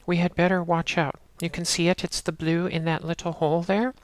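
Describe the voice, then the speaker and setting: A woman narrating a game walkthrough in a steady, instructional way, talking the player through each step. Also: on the low side, brisk. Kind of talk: casual let's-play walkthrough narration.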